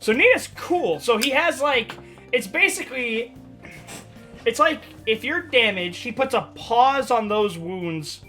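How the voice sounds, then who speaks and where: Excitable, high-pitched man reacting to anime. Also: a little slow, soft background music. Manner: excitable, swears freely, frequent laughter. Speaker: anime reaction channel host. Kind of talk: casual reaction commentary.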